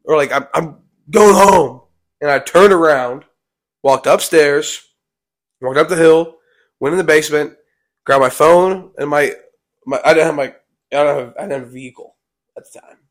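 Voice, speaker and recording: A man's voice: on the high side, normal speed, pauses often. A young man telling a personal story in a casual vlog. He rambles and keeps repeating "I was like.". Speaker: vlog co-host.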